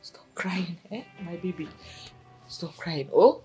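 A middle-aged Nigerian mother, soothes and reassures her daughter in a low, gentle voice with a Nigerian accent. Faint music plays behind her. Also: animated, a little slow, poor audio. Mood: comforting. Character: warm, comforting village mother. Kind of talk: Nollywood film acting.

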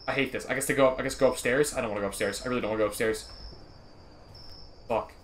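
A man's voice: medium pitch, steady tone, very fast, a little hiss or hum. A young man doing profane, nervous, jokey commentary while playing a horror game. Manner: profane, jittery, nervously joking. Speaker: gamer.

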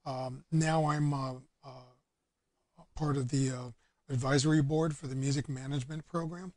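A man's voice: mid-range voice, steady tone, moderate pace, a little mellow, no echo. A man, a guest musician talking in an easygoing, rambling way with lots of fillers. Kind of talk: casual interview chat.

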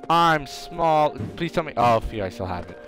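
A man doing excitable let's play commentary, trash-talking the enemies in his game. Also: a little high, normal speed, soft background music. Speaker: gamer.

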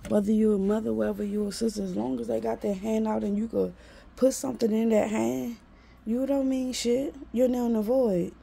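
A woman's voice: fairly high pitch, fairly even intonation, normal speed, vocal fry, mellow, a little hiss or hum. A woman in her forties venting to camera in a profane, exasperated rant, repeating herself. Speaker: vlogger.

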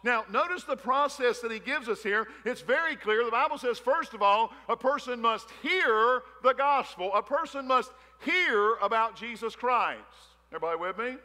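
A man's voice: very high voice, expressive, normal speed, hardly any pauses, bright, forceful tone. A pastor preaching a sermon in a folksy, joking way, calling out to the congregation, emotional in his delivery. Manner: folksy, joking preaching with crowd call-outs. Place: church hall, a former gymnasium. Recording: long church-hall reverb.

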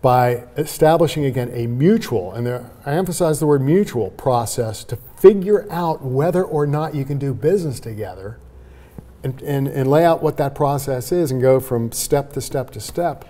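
Brief: male sales trainer guest, emphatic and animated, dark mellow tone. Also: medium pitch, moderate pace. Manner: animated, emphatic, laughs while explaining. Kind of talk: conversational interview.

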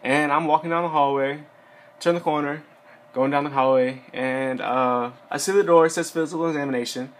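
A man's voice: on the high side, steady tone, a little fast. A young man sitting down and talking casually in a rambling, filler-heavy way, sharing advice as an Air Force enlistee. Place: seated indoors.

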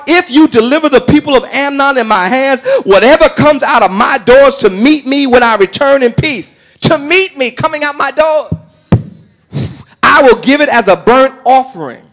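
An older man preaching a sermon as pastor of his church, calling to the congregation and swinging between shouted bursts and quieter asides. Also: extremely high pitch. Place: church sanctuary.

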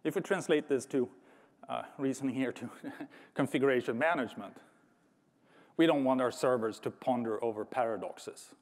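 A man's voice: mid-range voice, normal speed. A man giving a conference talk, thoughtful with light humor, often restarting his sentences. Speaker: conference speaker. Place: large conference hall. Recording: reverberant conference hall.

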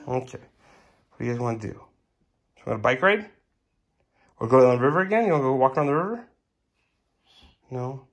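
Young mom, home phone video, playful coaxing, low voice with huge pitch swings. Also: female voice, lively intonation, normal speed, long pauses. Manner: playful, coaxing, sing-song egging on. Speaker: parent filming her kids. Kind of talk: casual home video chat. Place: living room at home.

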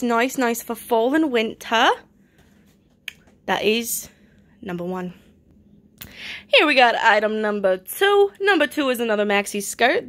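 Chatty woman with a high voice. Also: fairly bright tone. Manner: chatty, filler-heavy item descriptions. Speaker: online reseller. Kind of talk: casual live-sale vlog.

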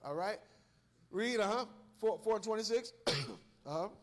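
A man's voice: sits high, normal speed. A man preaching a revival sermon, emphatic and repetitive, drawing call-and-response from the congregation. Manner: emphatic, repeats words and restarts, chuckles. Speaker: guest preacher, church elder.

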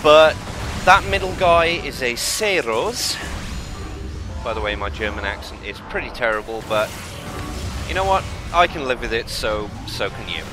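A man guesting on a game commentary, chatting at a middle pitch in a relaxed, matter-of-fact way. He explains details to his co-host over steady game music. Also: normal speed. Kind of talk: casual gameplay chat.

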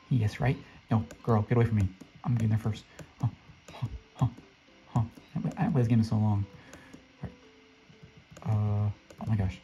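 Woman gamer host, very deep voice, dark tone, excitable running commentary, lively swings in pitch. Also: moderate pace, long pauses, faint music behind. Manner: excitable, talks to other players, squeals high when jumping. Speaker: gaming channel host. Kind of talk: casual gameplay commentary.

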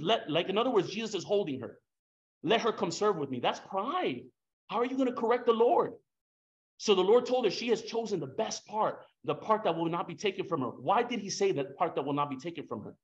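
A man preaching a sermon with emotion, repeating his phrases for emphasis and slipping into casual slang. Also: on the high side. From Hispanic background. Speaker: pastor. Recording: dull lo-fi sound.

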